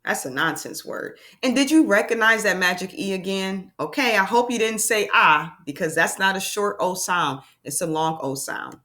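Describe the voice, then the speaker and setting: A woman's voice: mid-range voice, lively intonation, moderate pace, hardly any pauses, pushed and bright. A woman teaching a phonics lesson to young children, sounding out letters and making playful exclamations.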